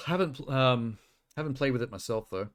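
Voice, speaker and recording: A man's voice: mid-range voice, moderate pace. Chatty male streamer reacting to trailers. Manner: chatty, rambling with fillers and laughs. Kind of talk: casual live-stream reaction chat. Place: home streaming setup.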